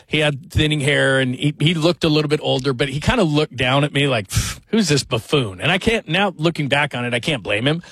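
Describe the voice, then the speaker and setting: A man's voice: on the high side, brisk, few pauses, slightly rough, dry recording. Rambling self-mocking male radio host. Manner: rambling, self-deprecating, animated storytelling. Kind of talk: casual chat.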